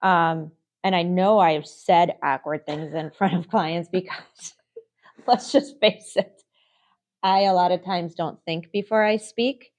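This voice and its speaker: A woman's voice: on the low side, slow pace, a little mellow. A middle-aged woman co-hosting a real estate podcast, telling candid, self-deprecating stories in casual chat.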